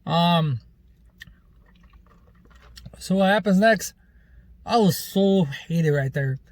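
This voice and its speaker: A man's voice: sits high, slow pace, no room sound. A man vlogger telling a rambling, loose story in casual chat, with plenty of fillers and some swearing.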